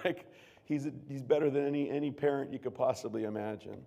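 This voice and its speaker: A man preaching a sermon as pastor, earnest, moving from hushed tones to loud emphatic bursts. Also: mid-range voice, fast, gravelly. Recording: long reverb of a large room.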